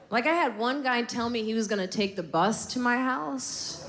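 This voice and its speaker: A woman doing a stand-up set in a comedy club, telling stories brashly and animatedly with big jumps in pitch. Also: expressive, normal speed. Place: comedy club stage with laughing audience. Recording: loud crowd laughter and noise.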